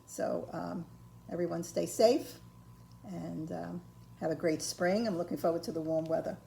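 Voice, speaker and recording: An older woman giving a patient, step-by-step ceramics painting lesson, filling pauses with ums and okays. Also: lowish voice, steady tone, creaky, mellow, slight background noise. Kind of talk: step-by-step craft tutorial.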